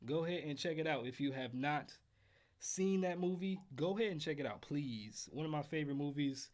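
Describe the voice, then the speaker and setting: A man's voice: a little high, fairly quick. Chatty man leading a livestream trumpet lesson. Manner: relaxed, chatty, counts in and reads viewer comments. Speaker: trumpet teacher hosting a livestream. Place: home. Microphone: headphones while streaming.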